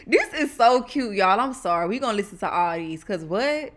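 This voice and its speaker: A woman's voice: mid-range voice, lively intonation, moderate pace, fairly bright tone. A woman from Texas with a Southern accent, talking casually and emphatically to her viewers as she reacts to clips. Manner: sassy, emphatic, addresses viewers as y'all. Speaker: reaction video host.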